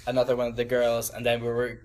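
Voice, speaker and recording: A man's voice: medium pitch, completely flat delivery, quick pace, darkish tone. A young man in his twenties giving a casual, rambling talk to a church youth group, with lots of ums and self-deprecating laughs. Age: 20s. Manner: rambling, many ums and restarts, laughs at his own stories. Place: church room with a small group.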